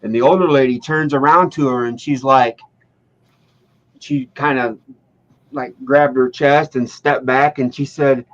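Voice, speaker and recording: A man in his thirties casually telling a long, profane joke as if it were true, with a rambling, deadpan build-up. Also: mid-range voice, measured pace. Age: 30s. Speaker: storyteller. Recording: dull lo-fi sound.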